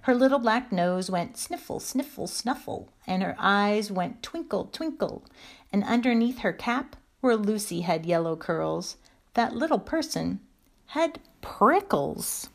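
Woman, storyteller, children's story, gentle, expressive, medium pitch. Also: measured pace, vocal fry. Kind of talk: reading a children's story aloud.

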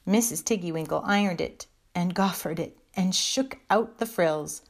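A woman's voice: lowish voice, moderate pace. Woman reading a children's story aloud. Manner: gentle, expressive storytelling.

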